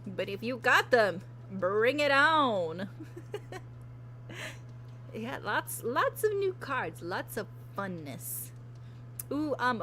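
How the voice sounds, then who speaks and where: A woman streamer chatting casually on a live stream, talking loudly and emphatically, repeating herself as she rants and reads news aloud. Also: mid-range voice, slight background noise. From Latin America. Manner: animated, emphatic, ranting with repeated phrases; loud.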